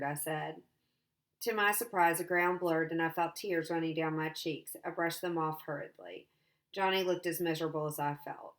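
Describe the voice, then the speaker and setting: A woman teacher reading a novel aloud in a steady, plain way. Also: deep voice, normal speed.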